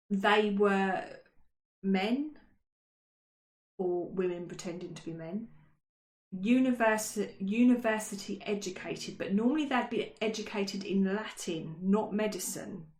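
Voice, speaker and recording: Slow and a little mellow, this mid-range female voice pauses often. As co-host of an easygoing history chat, she's talkative and self-deprecating with plenty of ums, and the room echoes noticeably.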